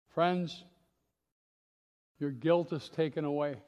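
A man preaching a sermon as a guest pastor, impassioned, moving between hushed, slow passages and rising exhortation. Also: high voice. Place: church sanctuary. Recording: long reverb of a large hall.

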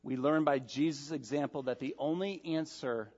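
A man's voice: on the high side, moderate pace. Man preaching in an echoing hall. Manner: emphatic, swings between loud stresses and quiet asides. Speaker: pastor. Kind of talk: sermon. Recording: dull sound with long hall reverb.

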